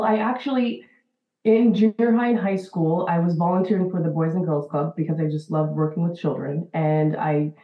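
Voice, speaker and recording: A woman in her forties, a special-needs educator, explaining earnestly in an interview with frequent fillers. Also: lowish voice. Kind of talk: interview answers. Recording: tinny phone-like line in an echoey room.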